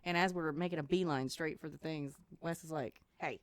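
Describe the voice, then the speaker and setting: A woman's voice: low voice, fairly even intonation, a little fast, smooth, dry recording. A woman, co-hosting a podcast in casual chat, rambling and laughing often. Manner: chatty, rambling storyteller who laughs often. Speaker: podcast co-host.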